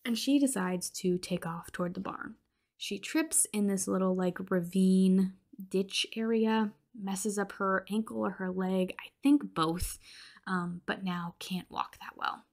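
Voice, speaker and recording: A young woman hosts a podcast and talks through a horror film scene by scene. Her delivery is loose and conversational, packed with fillers and the occasional curse word, and she slips into hushed whispers when the tension builds. Her voice sits at a middling pitch. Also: fairly even intonation, unhurried, creaky. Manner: chatty, swears, many fillers like "like"; drops into whispers for tense moments. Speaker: podcast host. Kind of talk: casual film recap.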